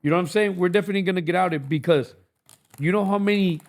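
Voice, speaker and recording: A man from Los Angeles talks as a podcast guest in a loose, emphatic street style, swearing often. His voice sits a little high and has a gravelly grain to it. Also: rapid-fire. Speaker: guest, record label founder. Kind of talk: casual podcast chat.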